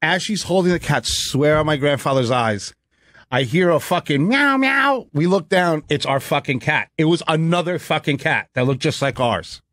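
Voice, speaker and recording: A man's voice: a little high, expressive, normal speed, a bit bright, no echo, studio quality. A man, a cook and guest, telling a story in heated, profane casual chat.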